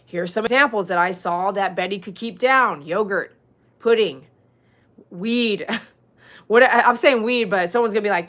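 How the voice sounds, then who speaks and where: A woman of middle pitch talks casually to her livestream audience as a dog groomer, thanking viewers and reading their comments aloud. She says y'all and leans into heartfelt asides. Her delivery is lively, flaring into mock outbursts and then settling into something quieter. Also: normal speed. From Texas. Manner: animated, swings into loud mock outbursts, then soft and earnest; chatty, reads out viewer comments, uses y'all.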